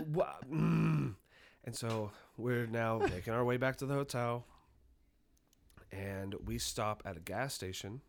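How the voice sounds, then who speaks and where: A man's voice: mid-range voice, slow pace, vocal fry, long pauses. A young man co-hosting a podcast, telling a rowdy story with lots of swearing and acted-out quotes. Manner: profane, animated retelling, acting out quotes. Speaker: podcast co-host. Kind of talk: casual storytelling.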